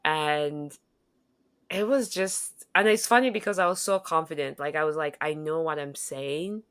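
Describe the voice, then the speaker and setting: A young woman from Kenya or Zambia co-hosts a podcast, chatting casually and telling animated stories in which she acts out the voices and exchanges of the people involved. She speaks at a normal speed in a low, clear, resonant voice. The studio sound is clean, with no room noise.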